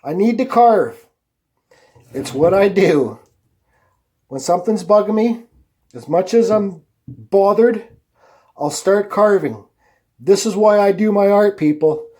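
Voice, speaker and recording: A man's voice: high voice, lively intonation, slow, long pauses, darkish tone. A man hosting a woodcarving vlog, talking casually to the camera in a blunt, rambling way and swearing freely. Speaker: woodcarving channel host.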